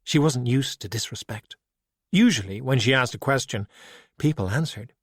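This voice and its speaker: A man narrating an audiobook with steady, even storytelling. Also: medium pitch, normal speed, breathy edge, dry recording, clean studio sound.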